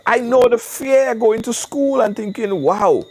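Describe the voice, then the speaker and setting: A man's voice: very high-pitched, measured pace. A man, hosting a live call-in show, talking casually and emphatically, often repeating words, recorded outdoors in the wind. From Caribbean. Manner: animated, emphatic repetition. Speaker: show host. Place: outdoors, windy.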